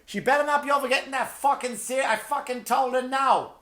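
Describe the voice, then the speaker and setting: A shrill South Boston mother, put on by a man, hollers at her children with a thick Boston accent. Her voice sits far above the man's own, and every line is laced with swearing. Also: a little fast, a bit bright. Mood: yelling. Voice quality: shrill, cursing.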